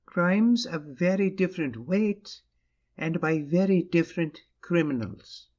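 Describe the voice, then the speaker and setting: An actor playing Father Brown, a calm and shrewd priest who explains things in a measured way, in a full-cast audiobook. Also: a little high. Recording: muffled lo-fi recording.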